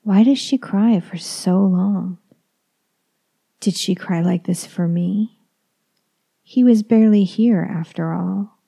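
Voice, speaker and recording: Gravelly, mellow woman reading a horror tale. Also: medium pitch. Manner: calm, measured, dropping into whispers. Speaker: storyteller. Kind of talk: first-person horror story reading.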